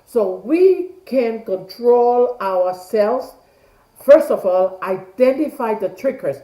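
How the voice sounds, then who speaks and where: A woman's voice: a little high, lively intonation, slow, dark tone, roomy sound, low-quality recording. A middle-aged woman, leading an online class and asking rhetorical questions that she answers herself. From Tonga. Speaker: class leader. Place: home room on a video call. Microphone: video call mic.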